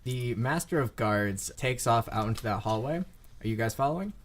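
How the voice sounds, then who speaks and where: A man's voice: medium pitch, expressive, normal speed, a little hiss or hum. A man narrating as game master for a tabletop game in a casual, laughing way. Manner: casual, laughing, with shouted in-character lines.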